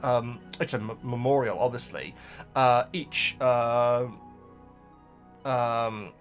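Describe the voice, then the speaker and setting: A man's voice: mid-range voice, fairly bright tone. A man hosting a book reaction video, chatting casually to viewers in a rambling way with frequent stammered repeats and asides.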